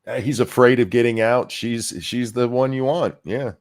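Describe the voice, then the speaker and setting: A man's voice: mid-range voice, fairly even intonation, normal speed, darkish tone. A man co-hosting a live reaction stream, trading sardonic and profane mocking asides. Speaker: co-host.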